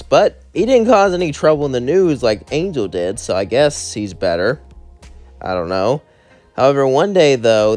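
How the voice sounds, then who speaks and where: A man's voice: medium pitch, darkish tone. A young man casually telling a fan-fiction story in a rambling, informal way, full of asides.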